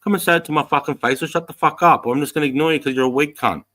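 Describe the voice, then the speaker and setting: A man's voice: fairly high pitch, racing, pushed and bright. Blunt, swearing Australian man. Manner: blunt and heavily profane, plain-spoken. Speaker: livestream host. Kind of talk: casual livestream chat to viewers.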